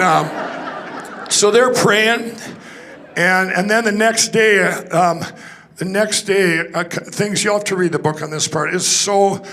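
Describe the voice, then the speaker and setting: A man speaks from a conference stage, telling his personal testimony. His voice is gravelly and sits slightly high. He rambles excitedly and restarts his sentences often.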